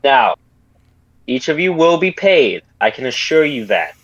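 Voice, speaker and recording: A man's voice: mid-range voice, sing-song, a little slow, fairly bright tone, lo-fi sound. A man playing a commanding male gang boss in a tabletop game, stern and threatening, correcting himself as he goes. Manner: stern, rambling, with self-corrections.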